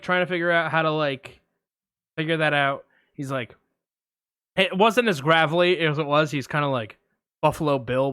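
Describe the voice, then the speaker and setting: A man co-hosting a podcast, telling a story in a casual, animated way with lots of fillers. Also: on the high side, clean tone, no echo, studio quality. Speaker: podcast co-host. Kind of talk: casual chat.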